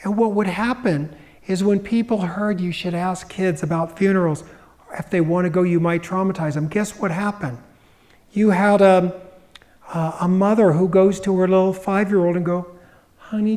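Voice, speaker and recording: Guy with a pretty high voice giving a talk on stage, tells stories and does little voices for people. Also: fairly even intonation, normal speed, a little mellow. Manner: storytelling, acts out quoted voices. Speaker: grief expert giving a public talk. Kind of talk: public presentation.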